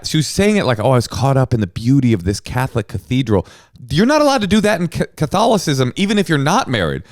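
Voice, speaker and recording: A man's voice: mid-range voice, dry recording, clean studio sound. A middle-aged man co-hosting a comedy podcast, telling stories animatedly and acting out the people he quotes. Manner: animated storyteller, acts out quotes. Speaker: podcast co-host. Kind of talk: casual comedic chat.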